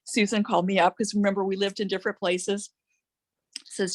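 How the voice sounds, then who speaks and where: A woman's voice: mid-range voice, little pitch movement, brisk, no room sound. Earnest woman telling a long story. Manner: earnest storytelling, quotes others in dialogue. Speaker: physician turned business leader. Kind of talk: recorded conversation in a training call.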